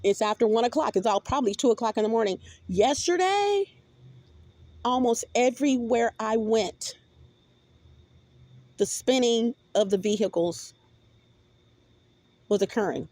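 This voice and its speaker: A woman's voice: on the high side, animated, a little slow, long pauses, darkish tone, dry recording. A woman vlogger in a rambling, profane monologue with many restarts, recorded on a phone.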